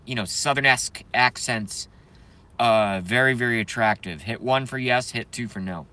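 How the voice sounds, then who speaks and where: Casual streamer guy, bright clear tone, loose rambling delivery, jokes around with chat. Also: medium pitch, moderate pace. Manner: rambling, joking, reads chat aloud. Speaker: live stream host.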